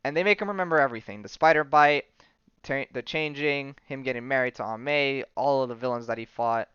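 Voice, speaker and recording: A man's voice: medium pitch, a little fast, a bit bright, clear, resonant tone, no echo, lo-fi sound. Man rambling through a comic recap. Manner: rambling storytelling with many fillers, briefly acting out characters' lines. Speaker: podcast host. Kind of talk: casual comic book recap.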